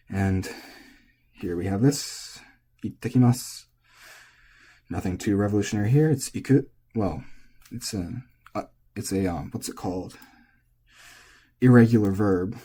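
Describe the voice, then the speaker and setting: Relaxed guy explaining a lesson, kinda low, breathy dark voice, lots of ums. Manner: relaxed, thinking aloud with fillers. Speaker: language teacher.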